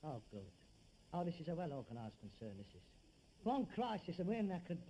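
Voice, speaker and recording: A man's voice: on the high side, big pitch swings, a little fast, warm tone, a little hiss or hum, poor audio. A man with a London Cockney accent playing Harold, a weary, sarcastic rag-and-bone son in a 1960s TV sitcom, swinging between mock grandeur and despair. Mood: sardonic. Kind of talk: 1960s television sitcom acting.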